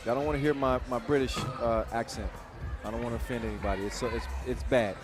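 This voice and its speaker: A man giving quick, energetic, joking play-by-play commentary at a live basketball event. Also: mid-range voice. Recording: broadcast mix with loud crowd and music.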